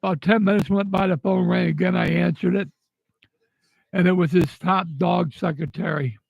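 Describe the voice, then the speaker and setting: A man's voice: high voice, fairly even intonation, moderate pace, gravelly, dry recording, highs cut off. An older man telling a personal story in a casual, angry and blunt way, swearing freely. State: upset. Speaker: vlogger telling personal stories.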